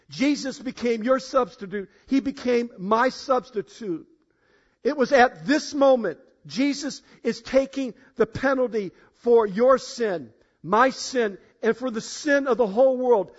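A high-pitched male pastor preaches to his congregation, booming on key phrases and then dropping to low, intimate asides. He talks straight to the people in the room. The recording is dull and lo-fi. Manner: emphatic, swings between loud declarations and low asides; addresses congregation directly, asks for show of hands. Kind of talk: sermon. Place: church in front of a congregation. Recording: dull, lo-fi sound.

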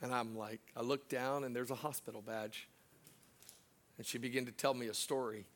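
A middle-aged man, a pastor, preaching a sermon through a personal story, swinging from loud laughing asides to hushed, slow moments. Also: medium pitch, steady tone.

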